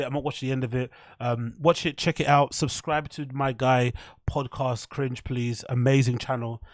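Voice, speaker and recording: Male podcast host, rambling and swearing, dry close mic, mid pitch. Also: dry recording. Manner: chatty, swearing, self-mocking. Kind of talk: casual solo podcast rambling.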